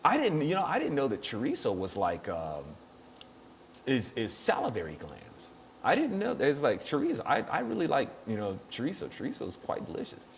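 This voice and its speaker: A man's voice: medium pitch, wildly swooping pitch, fairly quick, slight background noise. A man hosting a show, chatting casually and jokily, rambling and laughing often. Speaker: show host. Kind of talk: casual comedic chat.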